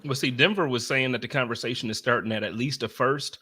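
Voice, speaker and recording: A man hosting a casual sports podcast, talking in an energetic, emphatic way. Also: medium pitch, quick pace, slightly rough. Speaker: podcast host.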